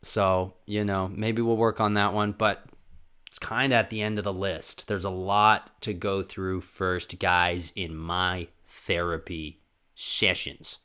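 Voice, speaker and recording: Rambling self-mocking young man, low voice. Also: little pitch movement, slow pace, clean tone. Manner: rambling, self-deprecating, jumps into loud sung and acted bits. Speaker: podcast host. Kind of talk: casual solo podcast monologue.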